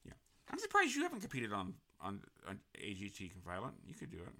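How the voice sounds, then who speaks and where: A man's voice: fairly low pitch, huge pitch swings, quick pace, pushed and bright. A man hosting an interview podcast in a casual, rambling way, full of restarts and fillers. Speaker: podcast host.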